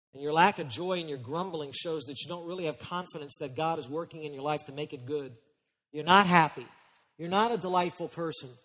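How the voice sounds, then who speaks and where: A man preaching a sermon, dropping to hushed warnings and rising to loud urgent appeals, acting out his listeners' excuses. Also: sits high, in a large hall. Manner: acts out listeners' excuses in quick quoted voices. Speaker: pastor.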